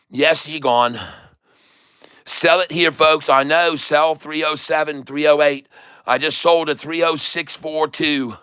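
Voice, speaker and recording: A middle-aged man calls out buy and sell orders live, pushing his viewers with repeated urgings. His voice is bright and sharp, with a smooth, clear tone. He sometimes slips into a jokey foreign accent to keep things lively. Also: fairly high pitch. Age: middle-aged or older. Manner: puts on a playful foreign accent to mix things up; repetitive, hype-style urging to buy and sell. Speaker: day trader and channel host. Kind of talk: live trading commentary.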